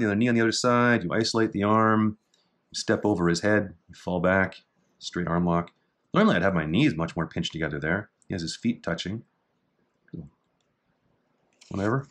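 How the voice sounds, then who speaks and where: A middle-aged man casually talking through techniques in a martial arts book, with dry offhand asides and slow, halting reading of foreign terms. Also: sits low, a bit bright. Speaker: jiu-jitsu instructor reviewing a technique book. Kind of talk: casual commentary.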